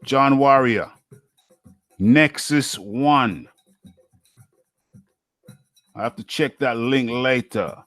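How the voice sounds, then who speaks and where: A man's voice: mid-range voice, drawn-out words, pauses often, a bit bright, no echo. A man from the UK hosting a live boxing talk stream, chatting casually and reading out viewer names and comments.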